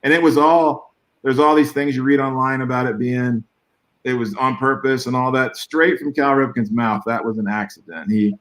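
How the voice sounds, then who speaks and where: A man's voice: mid-range voice, moderate pace, rough recording. Rambling, story-telling man on a call. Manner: rambling, animated storytelling with chuckles. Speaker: guest artist. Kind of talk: casual conversation.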